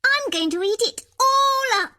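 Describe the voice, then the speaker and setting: A woman's voice: extremely high pitch, expressive, a little slow, pushed and bright, full character voice. A woman voicing a curious, fussy little girl in a children's game, with a sing-song, exclaiming manner. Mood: delighted. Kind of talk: game voice acting.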